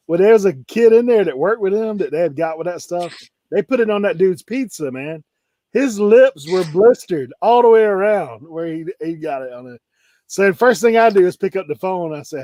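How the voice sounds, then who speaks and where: A man's voice: on the high side, animated, fairly quick, a little mellow, no room sound. A man telling rambling stories in a casual chat, laughing often. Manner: laid-back rambling storyteller, laughs often. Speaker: co-host reseller.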